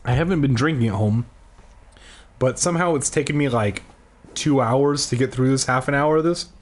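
A man's voice: mid-range voice, normal speed. A young man reading a children's horror storybook aloud in a casual, irreverent way, ad-libbing crude jokes. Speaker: storybook reader.

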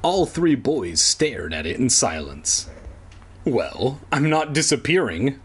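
A man's voice: mid-range voice, big pitch swings, unhurried, husky. A man reading a children's book aloud as a comedy bit, putting on voices for the characters and breaking off into sarcastic, swearing asides. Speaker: podcast host reading a kids' book aloud. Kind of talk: comedic read-along with rambling asides.

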